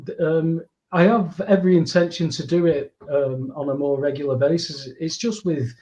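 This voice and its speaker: A man's voice: fairly high pitch, fairly even intonation, normal speed, mellow, poor audio. A man, a guest on a casual show, chatting in a digressive way with many fillers. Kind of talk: casual chat.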